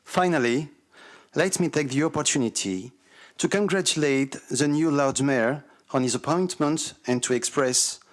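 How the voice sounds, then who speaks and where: A man from France with a French accent, speaking English as a second language, giving a slow, deliberate formal speech as a visiting civic representative. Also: medium pitch. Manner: slow and deliberate, reading carefully.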